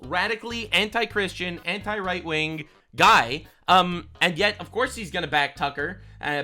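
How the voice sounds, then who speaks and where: Excitable, bright-voiced young man reacting. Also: on the high side. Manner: excitable, incredulous, loud swings. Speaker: streamer reacting to clips. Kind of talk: reaction commentary.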